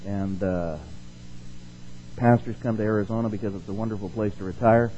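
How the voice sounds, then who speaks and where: A man teaching a Bible passage in a relaxed, conversational way. He asks the listeners questions, checks in with them often, and slows down and speaks louder when he reads the verses. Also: fairly low pitch, dull audio, a little hiss or hum. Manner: slows down and rises in force to stress the scripture he reads. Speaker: preacher.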